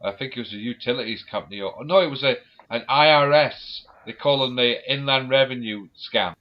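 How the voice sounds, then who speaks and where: A man's voice: mid-range voice, fairly quick, slight background noise. A man chatting casually, telling rambling stories, swearing freely and laughing often. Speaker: podcast co-host. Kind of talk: casual chat. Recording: dull lo-fi recording.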